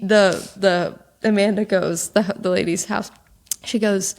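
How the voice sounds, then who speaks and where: A woman's voice: medium pitch, steady tone, takes it slowly, creaky, darkish tone. A young woman co-hosting a podcast, telling stories in casual chat with lots of fillers. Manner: chatty storyteller, lots of fillers. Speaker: podcast co-host.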